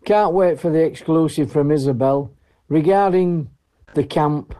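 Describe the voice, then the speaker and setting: A man's voice: fairly high pitch, unhurried, mellow. A man leaving a dry, jokey voice message for a radio show. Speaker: radio listener caller.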